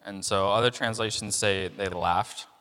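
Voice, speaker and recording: A man's voice: lowish voice, steady tone, normal speed, a bit bright, clear, resonant tone, long reverb tail. A young man giving a casual, conversational sermon, full of fillers and acting out people's reactions. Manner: conversational, many fillers, acts out voices of people in the story. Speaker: preacher.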